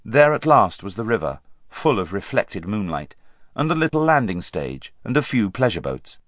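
A man reading a storybook aloud as an audiobook narrator, measured and expressive. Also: on the low side, no echo. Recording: dry close studio sound.

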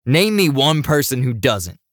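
A man voicing a burly, boisterous male college football fan who talks loudly and eagerly. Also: medium pitch, very animated, measured pace, dry recording, studio quality, voice pushed up. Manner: brash, shouting, enthusiastic.

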